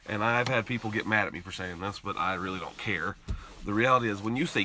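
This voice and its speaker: Bright and forceful, on the low side and quick, the voice belongs to a male podcast host from Utah, US, with slight background noise. His casual, rambling tale keeps restarting and becomes heated and emphatic, recorded around a garage and car, inside and out.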